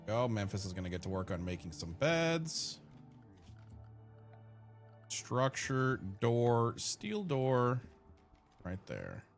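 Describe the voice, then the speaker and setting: A mid-range male voice with huge pitch swings, vocal fry, and long pauses moves slowly over soft background music. He's a gaming streamer doing a casual let's-play, cracking profane jokes to his chat and his characters.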